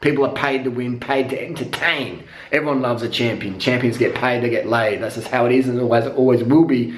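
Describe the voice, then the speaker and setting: A man talks into the camera in a rough, excitable vlog rant. He swears freely and comes across blunt and worked up, and his voice sits at an ordinary pitch for a man. The room gives it a clear echo. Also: a little fast, a little hiss or hum. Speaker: cycling vlogger. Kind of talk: casual ranting vlog. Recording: echoey room.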